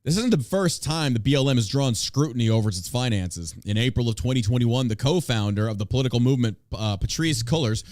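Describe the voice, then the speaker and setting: On his podcast, an American man rants about his opinions in a profane, combative, sarcastic way. His medium-pitched voice is a little mellow, and the studio-quality recording has no room sound.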